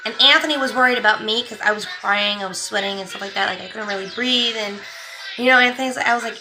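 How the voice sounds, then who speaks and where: A young woman vlogger telling a story in a casual, animated way, acting out what others said in her own voice. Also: fairly high pitch, rough recording. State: pregnant. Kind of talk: casual story-time chat to camera. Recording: faint music behind.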